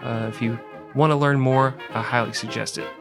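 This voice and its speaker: A man from the American Midwest co-hosting a comedic history podcast, telling the story with deadpan, crude tangents. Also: medium pitch, brisk, over music.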